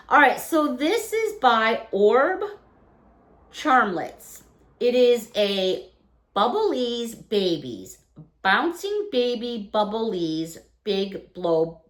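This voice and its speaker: A woman's voice: a little high, fairly bright tone. A middle-aged woman vlogger chatting casually and cheerfully as she unboxes a haul, exclaiming over each item.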